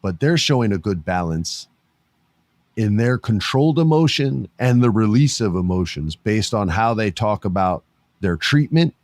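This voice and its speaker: A middle-aged man hosting a podcast, giving animated casual commentary, laughing often and swearing casually. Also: lowish voice, normal speed, no room sound. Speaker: podcast host.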